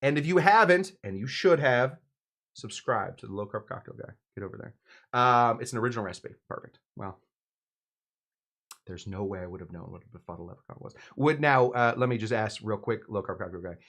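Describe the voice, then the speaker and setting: The voice sits on the low side, a bit bright, brisk, with lively intonation. He's a man running a live cocktail show, chatting casually on stream in a self-mocking, rambling manner packed with fillers and restarts.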